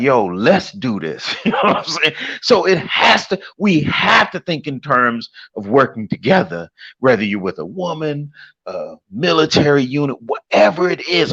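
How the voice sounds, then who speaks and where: A man hosting a casual online panel talk, animated and repeating himself as he works through his point. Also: mid-range voice, husky. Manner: animated, restarts and repeats often. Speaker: panel host. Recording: lo-fi online call audio.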